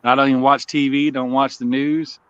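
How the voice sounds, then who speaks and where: A man's voice: mid-range voice, little pitch movement, normal speed, a bit bright, clear, resonant tone, dry recording. A man co-hosting a livestream coin auction, chatting casually, laughing often and greeting viewers in the chat. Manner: laid-back, laughs often, chats with viewers. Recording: slightly dull lo-fi stream audio.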